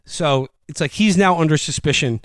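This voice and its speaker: A man's voice: a little high, moderate pace, no room sound. A man co-hosting a podcast, recapping a film in a wry, incredulous casual way. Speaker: podcast co-host. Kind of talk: casual comedic film review.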